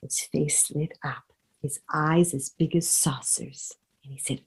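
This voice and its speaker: A woman storyteller narrating a children's story with an expressive, drawn-out delivery. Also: low voice, slightly rough, low-quality recording.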